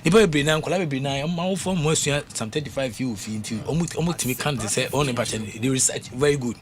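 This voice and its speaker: A Ghanaian man talking casually on the radio as host, animated and repetitive, with many fillers. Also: mid-range voice, rapid-fire, a little hiss or hum. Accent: Ghanaian English. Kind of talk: casual radio talk mixing English and Twi.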